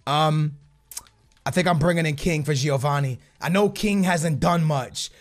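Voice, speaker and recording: A man commentating his own soccer video game, hyped and shouting at big moments, muttering quietly in between. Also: a little high, unhurried. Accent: American. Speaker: gaming YouTuber. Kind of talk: excited gameplay commentary.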